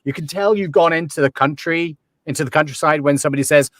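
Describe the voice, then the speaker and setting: A man's voice: on the high side, fairly even intonation, quick pace, hardly any pauses, dry recording. A man from England with a slightly transatlantic English accent, explaining accents as a guest in a casual chat, wry and full of ums. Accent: English, softened toward transatlantic after years in Canada.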